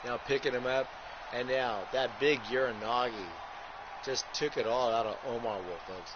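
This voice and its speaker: A man's voice: mid-range voice, normal speed. A man hosting a wrestling video game livestream, calling the action like a ringside announcer with crude rhyming jokes and constant "folks". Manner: ringside announcer patter, keeps saying folks. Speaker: host and wrestling commentator. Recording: muffled lo-fi with clear background hiss.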